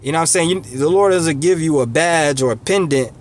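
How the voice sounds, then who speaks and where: A man's voice: on the high side, fairly quick. A man preaching an earnest, conversational sermon who repeats himself and checks in with his listeners.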